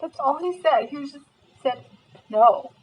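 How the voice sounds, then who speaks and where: A woman's voice: sits high, moderate pace, lo-fi sound. A young American woman chatting casually as she eats, telling a story with lots of fillers. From United States. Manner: chatty storytelling, many fillers, eating between lines. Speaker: vlogger. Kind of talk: casual chat while eating.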